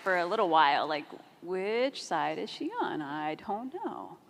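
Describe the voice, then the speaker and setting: A woman moderating a live fan-convention panel, chatty and upbeat with quick jokes. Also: lowish voice, animated, creaky, slight background noise. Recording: reverberant convention hall, crowd ambience.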